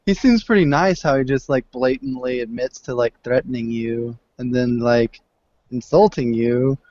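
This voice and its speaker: A man's voice: mid-range voice, moderate pace, darkish tone. A man chatting and joking as a player at a tabletop game. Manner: joking, loose. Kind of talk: casual game chat. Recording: dull lo-fi recording with faint hiss.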